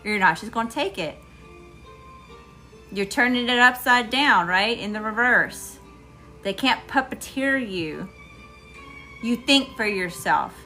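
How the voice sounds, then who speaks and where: A woman's voice: a little high, expressive, takes it slowly, long pauses, pushed and bright, faint music behind. A middle-aged woman with a Southern US accent, giving an emphatic live tarot reading straight to her viewers. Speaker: tarot reader.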